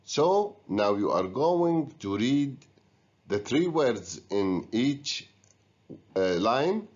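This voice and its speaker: A man's voice: mid-range voice, sing-song, very slow, darkish tone. A man teaching an English lesson, giving patient step-by-step instructions to students. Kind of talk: recorded classroom lesson. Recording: dull lo-fi recording.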